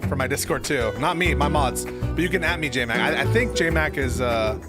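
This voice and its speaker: A man's voice: on the high side, normal speed, over loud music. A man hosting a live political stream who chats loosely with his audience, swears and jokes, then argues points in a debate. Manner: loose, profane, joking. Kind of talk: casual live-stream chat and debate commentary.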